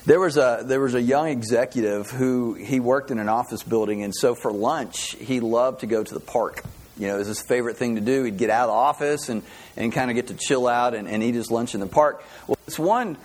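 Man in a pastor role, mid-pitched voice, easygoing conversational preaching, lots of "you know" and restarts. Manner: relaxed, chatty storytelling with frequent fillers and restarts. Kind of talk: casual sermon to a small congregation.

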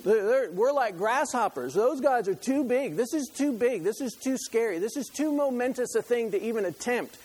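A man's voice: extremely high pitch, expressive, moderate pace, hardly any pauses, darkish tone, husky, long reverb tail, pitched above the performer's own voice, heavily acted. A man voicing a frightened ancient Israelite who whines that the task is too big. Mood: panicky.

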